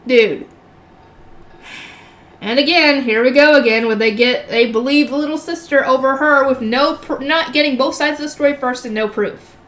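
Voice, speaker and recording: A woman with a mid-high voice reading a novel aloud, mixing steady narration with casual, exasperated commentary. She talks to her listeners in a chatty, informal way. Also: moderate pace. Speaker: channel host reading a novel.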